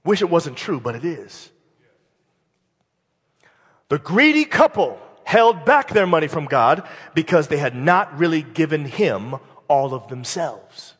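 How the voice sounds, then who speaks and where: A pastor preaches an unhurried, animated and fervent sermon, building to shouted climaxes with loud peaks. His husky voice swings widely in pitch, and the church hall gives it a long reverb.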